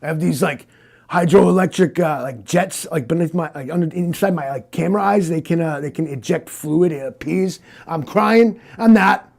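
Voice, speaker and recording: A man playing a gruff, cocky, paranoid cyborg detective in an improvised comedy interrogation, drawling and rambling. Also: on the high side, moderate pace, a little mellow. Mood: defiant. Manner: repeats the listener's name, drawling and rambling.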